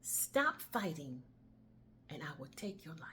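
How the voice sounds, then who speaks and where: A woman voicing a dark, whispering voice that urges surrender, in a low, slow, insistent hush. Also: sing-song, slight background noise. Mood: menacing. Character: dark whispering voice urging surrender, sexless spirit.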